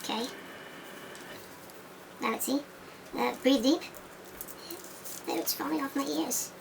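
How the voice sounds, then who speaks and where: A woman's voice: sits high, slow pace, gravelly, recorded from a distance, noisy background, full character voice. A woman voicing a new, self-assured male doctor puppet in a clipped, put-on foreign-sounding way. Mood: matter-of-fact.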